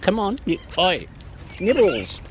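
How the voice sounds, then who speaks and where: A woman chats to wild birds in a playful, cooing baby-talk voice as she feeds them outdoors. Her pitch swoops up and down a lot and she talks slowly. The recording is noisy with birds all around. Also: very animated. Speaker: bird feeder filming wild birds.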